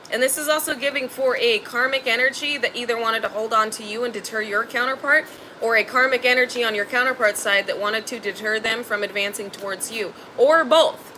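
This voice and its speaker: Woman tarot reader, bright high voice, blunt and slangy, faint noise behind. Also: poor audio. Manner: emphatic, blunt and slangy, swears freely. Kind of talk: spiritual tarot reading.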